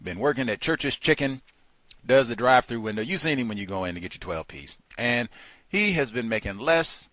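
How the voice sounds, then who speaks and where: Animated man mocking in commentary. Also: medium pitch, fairly quick, no echo. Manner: lively, mocking, acts out voices in his own telling. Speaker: co-host of a call-in talk show.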